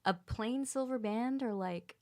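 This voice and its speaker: A woman co-hosting a casual podcast, eager and chatty, quick to jump in. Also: a little high. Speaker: podcast co-host. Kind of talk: casual chat.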